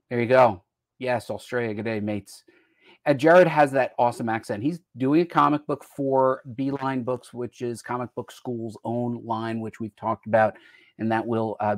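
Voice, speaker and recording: A man's voice: mid-range voice, steady tone, moderate pace, dry recording, studio quality. An American man hosting a casual live-stream chat, talking in a rambling way and jumping between topics mid-sentence. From United States. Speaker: host.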